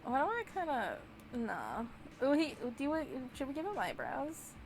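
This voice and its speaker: A woman's voice: high-pitched, wildly swooping pitch, moderate pace, slight background noise. A young woman streaming a game, chatting casually in a bubbly, giggly way. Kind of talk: casual gameplay chat.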